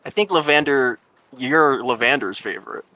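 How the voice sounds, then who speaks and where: A man's voice: mid-range voice, animated, moderate pace, bright, forceful tone, dry recording, poor audio. A man co-hosting a casual stream, teasing his partner and laughing often. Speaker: stream co-host.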